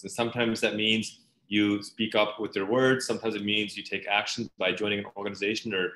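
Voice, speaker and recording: A man interviewing a guest, speaking in a measured, thoughtful way as he builds up careful questions. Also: fairly low pitch, flat delivery, bright, forceful tone, a little hiss or hum. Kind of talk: conversational interview. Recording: echoey room.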